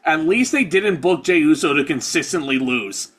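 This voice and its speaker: Male co-host, higher voice, laid-back fan chat that hedges a lot. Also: lively intonation, normal speed, fairly bright tone. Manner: easygoing, hedging, swears casually. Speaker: podcast co-host. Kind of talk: casual wrestling review chat.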